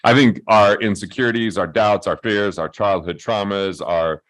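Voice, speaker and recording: Deep-voiced reflective male host. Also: normal speed, a bit bright. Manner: reflective, musing. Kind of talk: interview conversation.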